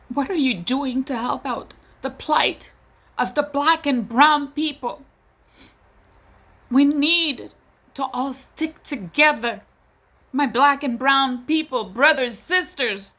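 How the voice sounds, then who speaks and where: A mother's high-pitched voice comes across bright and forceful as she speaks slowly and deliberately. Pleading and indignant, she delivers an impassioned monologue aimed straight at her listeners.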